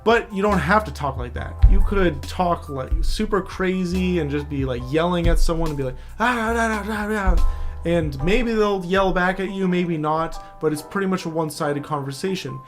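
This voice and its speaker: A high-pitched man talks at normal speed with hardly any pauses, soft background music underneath. As a cybersecurity instructor giving a screen-share tutorial on networking basics, he stays casual and loose, checking in with the viewer through frequent "all right?"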